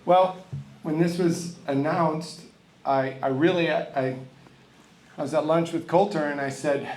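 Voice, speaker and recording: A man's voice: a little high, steady tone, measured pace, a little mellow. A middle-aged man giving an acceptance speech as a college tennis coach, telling self-deprecating, candid stories at a podium. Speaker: hall of fame inductee, college tennis coach. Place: large banquet hall. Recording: echoey hall with faint room ambience.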